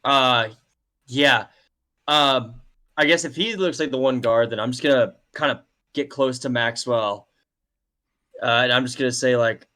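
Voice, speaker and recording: Bright, eager man playing a tabletop game. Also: mid-range voice, a little slow. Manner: eager, casual, loose phrasing. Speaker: player. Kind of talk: casual tabletop game play.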